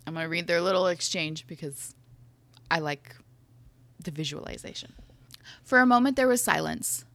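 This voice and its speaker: A woman's voice: lowish voice, lively intonation, moderate pace, fairly bright tone. A young woman who hosts a podcast, chatting casually, reading a book recap aloud, giggling and swearing now and then. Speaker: podcast host.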